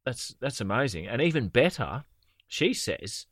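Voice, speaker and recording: A man's voice: mid-range voice, very animated, unhurried, fairly bright tone, dry recording. A man, co-hosting a podcast and telling stories in a dry, sardonic way. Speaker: podcast co-host. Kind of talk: casual comedy chat.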